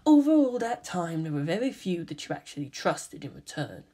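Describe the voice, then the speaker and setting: This reader plays a half-angel teen boy from a fan fiction, keeping him cold and hushed with a quiet menace. The delivery is threatening yet calm, at a normal speed with a lively pitch.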